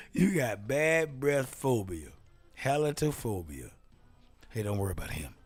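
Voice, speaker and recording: A male show host talking in a loose, self-amused way, with a lively pitch that jumps around. He tends to joke and laugh at his own lines while explaining things. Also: unhurried, husky, soft background music. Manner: playful, self-amused riffing. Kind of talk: casual solo talk show.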